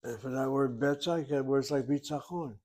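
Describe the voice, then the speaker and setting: A man's voice: medium pitch, brisk, a little mellow. A man teaching a Hebrew grammar lesson, methodical and repetitive, explaining each rule step by step. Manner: methodical, repeats key terms, explains step by step.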